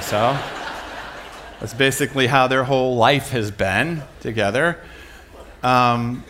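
A middle-aged man preaching with a lively, self-mocking storytelling delivery. His voice sits at an ordinary male pitch, and he often breaks into laughter as he goes. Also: slow, pauses often, slight background noise. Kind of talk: humorous sermon storytelling.

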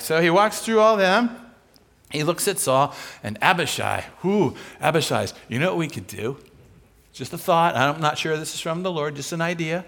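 A man preaching a sermon, telling a Bible story with animated delivery and acting out the voices of its figures. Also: high voice, moderate pace.

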